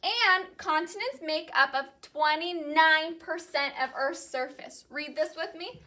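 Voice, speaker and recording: A woman teacher leading a call-and-repeat classroom lesson, saying each vocabulary word slowly and clearly and then repeating it. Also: very high voice, sharp tone. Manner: slow, clearly enunciated drilling of vocabulary.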